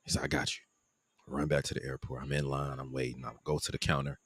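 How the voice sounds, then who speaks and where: A man casually recounting his trip during a live stream, animated, acting out the people he met. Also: quick pace, slightly rough, no room sound, clean studio sound. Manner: animated, acts out quoted people in a higher voice. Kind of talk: casual storytelling.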